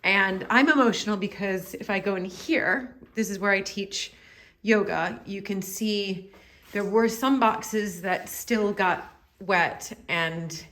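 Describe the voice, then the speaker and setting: A woman's voice: medium pitch, fairly bright tone. An American woman filming herself in a cellar, talking in an emotional, rambling and apologetic way. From United States. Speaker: host. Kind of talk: casual vlog narration. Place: indoor cellar. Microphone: handheld camera she is filming with.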